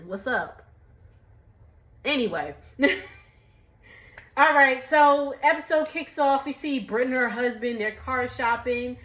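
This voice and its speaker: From her home kitchen dining area, a young woman casually recaps a TV episode, chatting in slangy speech and laughing often as a recap vlogger. Her voice is fairly high pitched and a bit bright.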